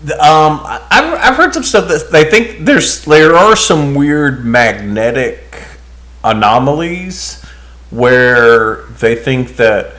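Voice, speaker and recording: A man's voice: fairly high pitch, animated, takes it slowly, a bit bright. A man co-hosting a podcast in casual chat, rambling and hesitant, restarting his sentences often. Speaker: podcast co-host.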